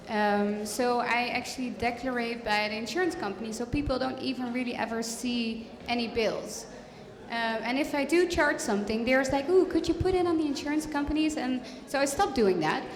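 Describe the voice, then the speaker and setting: A woman in the audience asks her question hesitantly, stopping on "um"s and leaving sentences unfinished. Her voice is high. Roomy echo and a long hall reverb surround her. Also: moderate pace. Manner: hesitant, with many "um"s and trailing sentences. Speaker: audience member asking a question. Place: large event hall.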